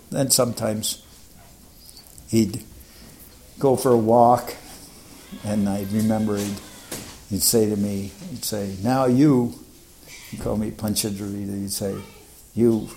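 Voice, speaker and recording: A man's voice: lowish voice, creaky, mellow, a little hiss or hum. An older man casually recalling memories, rambling and laughing as he mimics others. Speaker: devotee recalling his teacher. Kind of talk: casual reminiscence.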